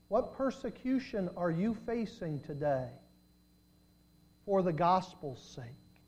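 Male preacher, high voice, dramatic storyteller who swings between loud and soft. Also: sing-song, slow, pauses often, highs cut off. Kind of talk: sermon.

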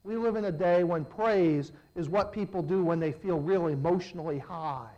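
A man preaching a sermon, swinging between loud emphatic lines and low, hushed ones. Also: normal speed, muffled recording.

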